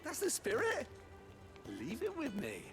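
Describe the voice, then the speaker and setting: A man's voice: extremely high pitch, wildly swooping pitch, measured pace, full character voice. An actor playing a cheerful male craftsman in a video game, talking chattily and persuasively. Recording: video game audio with music.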